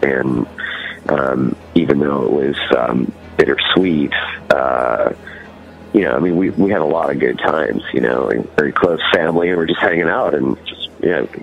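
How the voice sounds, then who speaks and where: A man's voice: extremely low pitch, normal speed, creaky, muffled recording. A man with a Californian accent, a guest musician chatting casually and rambling in an interview. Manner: rambling, full of "you know" and "like".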